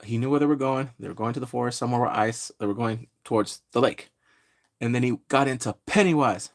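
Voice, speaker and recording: A man giving a rambling, casual live-stream recap, greeting viewers and laughing often. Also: medium pitch. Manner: slips into quick exaggerated character voices. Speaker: live-streaming pop culture reviewer.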